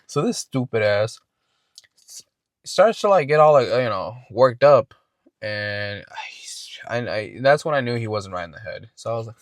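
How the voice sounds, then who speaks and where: A man's voice: medium pitch, animated, normal speed, pauses often, no room sound, studio quality. A man hosting a podcast and telling a casual, rambling story, swearing often and restarting his words. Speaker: podcast host.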